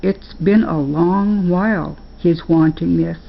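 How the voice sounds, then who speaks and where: An older woman playing a gentle old grandpa. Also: lowish voice, slow, vocal fry, highs cut off, heavily acted. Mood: soothing. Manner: soothing, patient.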